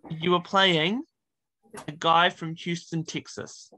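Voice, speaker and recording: A woman's voice: lowish voice, fairly even intonation, takes it slowly, sharp tone. A woman host running party-game prompts in a casual interview. She sounds bubbly and teasing and giggles between lines. The recording is dry with no room echo.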